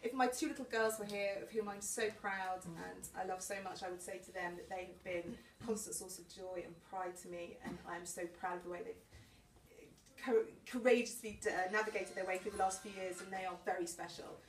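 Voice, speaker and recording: A woman in her forties giving a heartfelt, halting thank-you speech at her birthday party, often breaking into laughter. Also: medium pitch, steady tone, a little hiss or hum. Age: 40s. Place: large room or hall at a party. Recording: echoey hall from far off, crowd behind.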